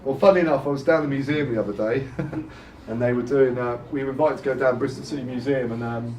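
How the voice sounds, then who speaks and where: A man answering a question at a history talk, telling an animated, chuckling anecdote. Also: medium pitch, fast talker. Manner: animated storyteller, chuckles often. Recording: echoey room, distant mic, faint noise.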